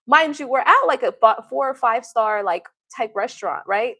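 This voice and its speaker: A woman with a fairly high voice chats on her livestream and tells stories bluntly, swearing freely and laughing often. Her voice is close and dry, with no room sound around it. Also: a little fast, few pauses, bright, forceful tone, no room sound. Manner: blunt, profane storytelling with frequent laughs. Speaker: tarot reader and livestream host. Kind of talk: casual livestream chat.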